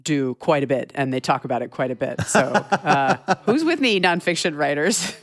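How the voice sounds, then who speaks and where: A man's voice: on the high side, lively intonation, moderate pace, a bit bright, dry recording. A man answering a question in casual chat, making a playful, chuckling aside.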